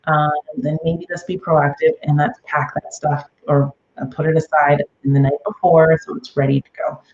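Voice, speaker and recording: A woman's voice: low voice, level tone, moderate pace, darkish tone, muffled recording. A middle-aged woman hosting a parenting podcast, giving casual advice with lots of "okay?" and "um". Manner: chatty, frequent "okay?" and "um" check-ins.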